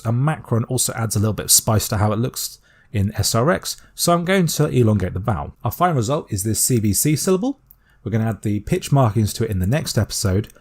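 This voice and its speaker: A British man explaining a constructed language step by step in a calm, methodical tutorial voice. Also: medium pitch. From Britain. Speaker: language teacher.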